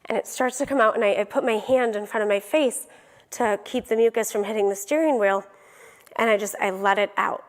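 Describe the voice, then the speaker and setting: A woman's voice: mid-range voice, a little fast, big-room sound. A young adult woman giving a motivational keynote, telling a personal story vividly and acting out the dialogue.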